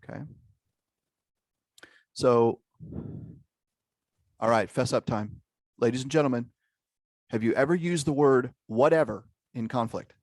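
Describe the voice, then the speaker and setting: A man of ordinary pitch leads an interactive online workshop over a video call. He talks in an engaging, checking-in way, tagging his points with quick questions to his listeners. His voice is close and dry, with no room sound around it. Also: darkish tone, dry recording. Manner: engaging, peppers talk with "okay?" and "right?". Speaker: workshop leader.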